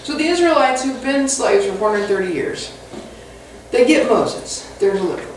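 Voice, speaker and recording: A woman pastor preaching a conversational sermon with animated, humorous storytelling, recorded in a church sanctuary away from the mic. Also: a little high, moderate pace, slight background noise. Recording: echoey hall from far off.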